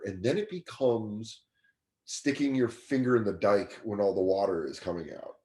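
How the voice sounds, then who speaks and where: A man's voice: on the low side, lively intonation, normal speed, warm tone. A man, a guest comedian in his thirties, telling a casual, profane story and acting out other people's voices.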